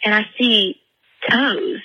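Bright, husky young woman telling a story. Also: medium pitch, takes it slowly, low-quality recording. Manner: chatty, filler-heavy, animated retelling. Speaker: voicemail caller. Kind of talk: casual storytelling voicemail.

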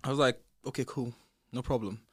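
A young British man tells his story at a quick clip, jumping into the voices of everyone involved. His voice sits at an average pitch and is recorded dry and close, with no room sound around it. He gets louder and sharper when the story turns heated. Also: breathy edge, dry recording. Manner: animated retelling, acts out quoted dialogue, rising loud when heated. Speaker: podcast guest, former reality show contestant. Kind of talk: casual storytelling chat.

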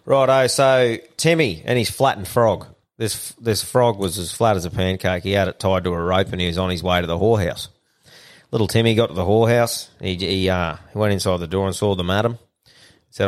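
A man's voice: low-pitched, fairly quick. A young Australian man co-hosting a podcast, chatting casually with crude, laid-back humour and telling jokes. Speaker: podcast co-host. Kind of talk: casual banter.

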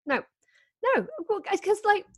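A woman co-hosting a casual chat, with quick, wry remarks. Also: extremely high pitch, big pitch swings. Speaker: co-host.

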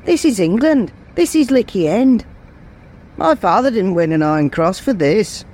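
A woman's voice: medium pitch, lively intonation, moderate pace, warm tone, natural voice. A woman voicing an indignant, bigoted older village woman who rants in outrage. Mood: outraged. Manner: ranting, outraged.

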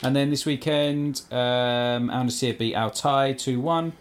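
A man on a casual football podcast, reading out results as a halting list and stumbling over team names. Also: mid-range voice, fairly even intonation. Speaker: podcast co-host.

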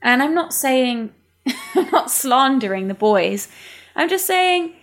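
A woman's voice: sits high, sing-song, slow, a bit bright. A woman, talking candidly in casual podcast chat and swearing freely.

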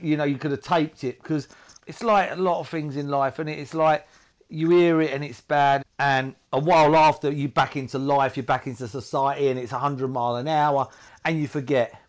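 A man, a guest in an interview, speaking haltingly with many restarts and fillers. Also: mid-range voice. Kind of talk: emotional personal interview talk.

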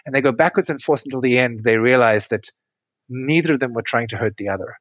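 A man's voice: mid-range voice, quick pace, fairly bright tone, dry recording. A middle-aged man, a relationship coach, explaining couple patterns step by step in an interview over a remote call. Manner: explanatory, tells client stories step by step. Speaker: relationship coach and podcast guest.

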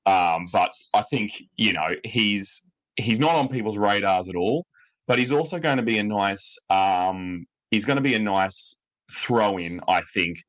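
A man with a very deep voice talks through his points on a podcast. He stays relaxed and easygoing, often pausing on an um. The sound is dry and close, with no room around it. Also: no room sound, low-quality recording. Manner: relaxed, lots of ums, easygoing. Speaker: podcast co-host. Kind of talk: casual podcast chat.

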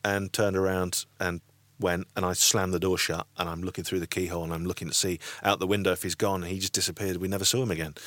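A man's voice: low-pitched, little pitch movement, quick pace, hardly any pauses, fairly bright tone, no echo. A man from England telling rambling personal anecdotes in casual chat, with frequent laughs. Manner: rambling, anecdotal, laughs often, does voices in quotes.

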